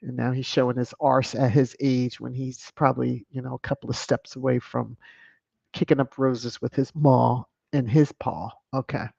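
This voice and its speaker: A woman hosting a casual commentary livestream, talking bluntly and chatty, gushing warmly when she thanks supporters. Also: extremely low pitch, flat delivery, moderate pace, gravelly, breathy edge, dry recording, lo-fi sound. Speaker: host of a royal-news commentary livestream.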